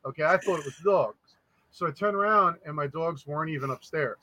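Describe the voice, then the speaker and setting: A man speaking as a guest on a podcast, his voice pitched a little high and ringing bright. He recounts strange happenings casually and animatedly, slipping into other people's voices. The sound is close and dry. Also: fairly quick, no echo, poor audio. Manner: animated, acts out quoted voices. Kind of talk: casual storytelling.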